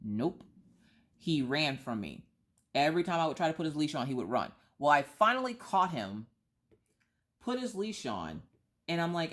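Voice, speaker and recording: A woman's voice: sits low, sing-song, moderate pace, pauses often, fairly bright tone. A woman in her thirties who vlogs, chatting and telling a rambling story full of asides and restarts. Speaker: vlogger. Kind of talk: casual storytelling chat.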